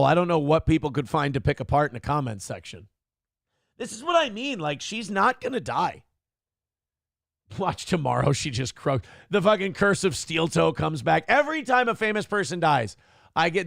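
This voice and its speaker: A man's voice: on the high side, creaky, dry recording. A male morning show host giving comedic, ranting commentary, sarcastic and profane as he mocks celebrities, on a close mic.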